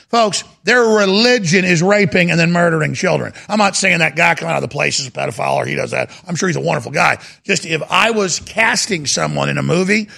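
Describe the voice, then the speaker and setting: A man's voice: high-pitched, gravelly, pushed and bright. A man hosting a talk show, giving heated commentary with emphatic repetition. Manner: heated, emphatic, repeats himself. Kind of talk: agitated talk radio commentary.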